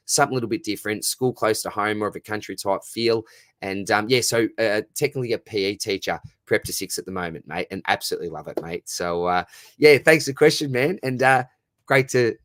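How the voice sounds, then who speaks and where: A matey Australian man with a fairly low voice hosts a casual livestream, answering chat warmly, repeating words, and saying "mate" constantly. The studio-quality recording has no room sound.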